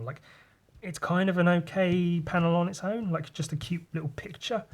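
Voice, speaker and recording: A man's voice: sits high, fairly even intonation, moderate pace. A man hosting a podcast, casually talking through his comic pages and swearing freely. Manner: loose and rambling, swears, mimics sound effects. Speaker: podcast host.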